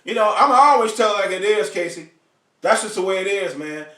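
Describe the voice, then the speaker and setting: A man's voice: sits high, expressive, fairly quick, bright, forceful tone, reverberant, distant mic. A man hosting a live online show, ranting bluntly and profanely to his viewers and calling out to them by name. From United States. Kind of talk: ranting live stream monologue.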